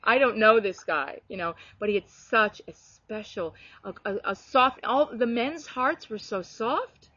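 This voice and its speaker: Woman sharing heartfelt faith stories, kinda high voice, muffled lo-fi sound. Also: a little slow, hardly any pauses, no room sound. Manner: heartfelt, animated storytelling, many restarts. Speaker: guest sharing ministry stories. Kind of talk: earnest conversational testimony.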